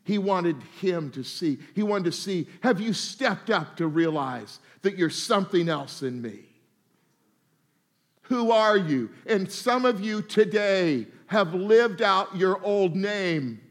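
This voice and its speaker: Male pastor, high-pitched, humorous folksy sermon delivery. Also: expressive, slow pace. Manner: folksy, humorous preaching that slips into mock voices.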